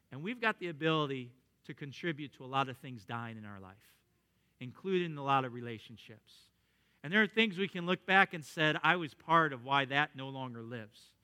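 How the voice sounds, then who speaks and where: A man preaching a sermon, reading scripture and speaking earnestly and with emphasis, sometimes dropping into quieter asides. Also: high voice. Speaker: pastor.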